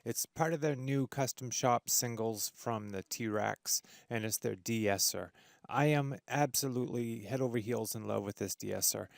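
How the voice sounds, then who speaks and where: A man hosting a casual audio software tutorial, enthusiastic and full of fillers and restarts. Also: mid-range voice, measured pace, vocal fry, no echo, studio quality. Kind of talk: screen-recorded software tutorial. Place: home studio with treated room.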